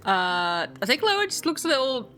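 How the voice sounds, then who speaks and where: A woman's voice: high voice, very animated, moderate pace, fairly bright tone, faint music behind. Hesitant woman player describing her character. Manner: hesitant, full of fillers, narrates her character's actions. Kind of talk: casual tabletop play.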